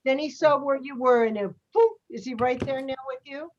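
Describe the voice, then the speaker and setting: Woman, acting teacher, directive, encouraging, higher voice, dull video-call audio. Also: fairly quick, slight background noise. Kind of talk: coaching an acting class.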